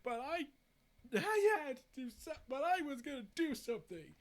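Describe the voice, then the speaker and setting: A man's voice: very high-pitched, wildly swooping pitch, normal speed, pitched above the performer's own voice, full character voice. A man voicing an angry, defiant young male comic-book hero, speaking in a raised, strained voice. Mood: strained anger.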